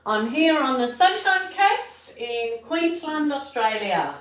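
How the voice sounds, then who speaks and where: A woman's voice: high-pitched, very animated, slow pace, echoey room, slight background noise. A middle-aged woman from England with a Birmingham accent, talking viewers through a painting tutorial in a chatty, rambling way with plenty of fillers. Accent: Birmingham English. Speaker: art tutorial host.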